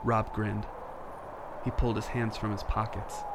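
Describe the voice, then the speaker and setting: An actor playing a tired, frightened young father who narrates a horror story in first person, tense and hushed. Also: lowish voice, level tone, a little slow, noisy background. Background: music.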